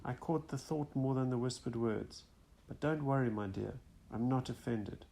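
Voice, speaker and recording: A man's voice: mid-range voice, moderate pace, gravelly, warm tone, a little hiss or hum, lightly acted. A man reading the lines of a proud, affectionate spirit mother in a nonfiction audiobook.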